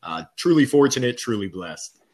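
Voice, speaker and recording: A man's voice: medium pitch, big pitch swings, normal speed. A man being interviewed as a guest on a sales podcast, telling candid, upbeat stories about his career. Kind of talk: casual interview storytelling.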